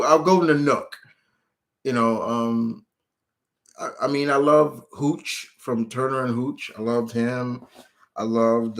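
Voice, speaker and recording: Rambling man chatting on a stream. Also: medium pitch. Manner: rambling, with frequent restarts. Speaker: channel host answering viewer questions. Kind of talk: casual live-stream chat.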